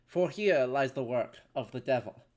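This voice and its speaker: A formal English gentleman narrator, grave and unhurried as he warns the player, put on by a streamer. The voice drawls each word with old-fashioned solemnity, English accent throughout. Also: mid-range voice, animated, voice pushed down, natural voice. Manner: slow, grave, formal warnings. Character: stately English gentleman narrator of a card game. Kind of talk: reading game text aloud in character.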